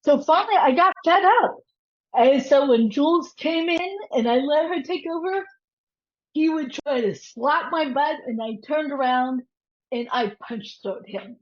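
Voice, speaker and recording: A woman's voice: high-pitched, unhurried. A woman guest on an interview show, telling a story and animatedly acting out the voices of the people in it. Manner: animated, quotes voices as she tells. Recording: dull lo-fi audio.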